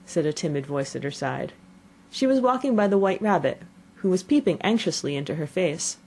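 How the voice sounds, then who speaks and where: A woman narrating a classic children's story in a measured, expressive reading. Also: deep voice, vocal fry. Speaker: audiobook narrator.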